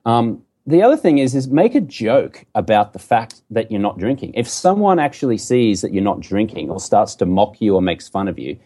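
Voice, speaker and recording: A man's voice: on the low side, very animated, moderate pace, few pauses, warm tone. A man with an Australian accent, a guest talking in a casual podcast conversation about going without alcohol, upbeat and emphatic, cracking jokes. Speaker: guest, sobriety coach.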